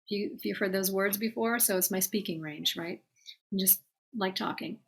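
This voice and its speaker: A woman teaching singing in a calm, explanatory way, addressing her students directly. Her speaking voice sits at an ordinary middle pitch. She breaks off here and there to sing short demonstrations. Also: normal speed, breathy edge.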